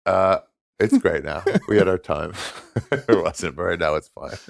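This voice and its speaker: A man telling a story in casual chat, animated and laughing often as he talks. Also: low-pitched, a little slow, creaky, no room sound, studio quality. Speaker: guest comedian.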